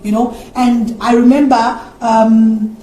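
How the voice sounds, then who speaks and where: A woman's voice: on the high side, slow pace, reverberant, slight background noise. A woman from Africa, giving a personal testimony in an interview and acting out the people she quotes. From South Africa. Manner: animated storyteller who acts out quoted speech. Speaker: interview guest.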